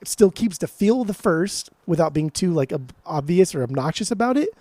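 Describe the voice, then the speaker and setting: A man co-hosting a podcast in casual chat, talking excitedly and swearing freely as he gushes about music. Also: high voice, brisk, dry recording. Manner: excitable, swears often, animated enthusiasm. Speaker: podcast co-host.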